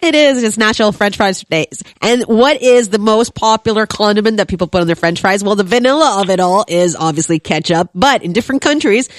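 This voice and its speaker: A female radio co-host brings up a light topic and lists fun facts in a lively way. Her voice sits at a middle pitch. The mic is close and dry. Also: fairly quick, few pauses, no room sound. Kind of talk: casual radio chat.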